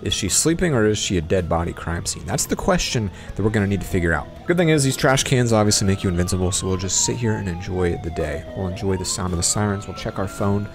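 A young man giving casual let's-play commentary on a game, excitable and exasperated, rambling on between hushed mutters. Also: low-pitched, fast, hardly any pauses. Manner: drops to hushed, whispery mutters while sneaking. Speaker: gaming YouTuber. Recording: game music playing underneath. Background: game music.

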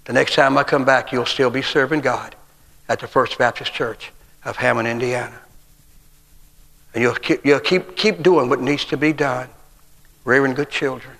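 A man's voice: mid-range voice, steady tone, moderate pace, gravelly, pauses often, a bit bright. A man, preaching a sermon full of humorous personal stories. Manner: folksy, humorous storytelling with acted quotes. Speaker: guest preacher. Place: church sanctuary. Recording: long church hall reverb.

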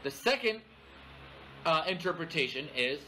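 A man's voice: on the high side, very animated, measured pace, sharp tone, a little hiss or hum, rough recording. A man preaching a sermon in church, explaining scripture and often checking in with "all right?". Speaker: pastor.

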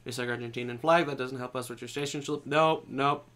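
A man's voice: mid-range voice, fairly even intonation, fairly quick, fairly bright tone. A young man co-hosting a let's play, joking and swearing playfully as he plays. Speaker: gaming channel co-host. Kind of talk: casual let's play commentary.

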